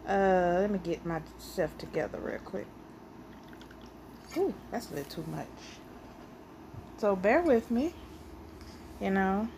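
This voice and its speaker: A woman hosting a casual solo podcast, telling stories in an animated, playfully argumentative way and sounding a little out of breath. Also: mid-range voice, takes it slowly, vocal fry, long pauses, a little hiss or hum. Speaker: podcast host.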